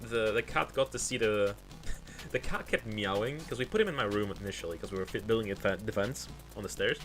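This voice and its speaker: A man's voice: lowish voice, fairly quick, fairly bright tone, faint music behind. A male game streamer chatting casually at home, rambling with lots of fillers and restarts. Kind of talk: casual chat while gaming.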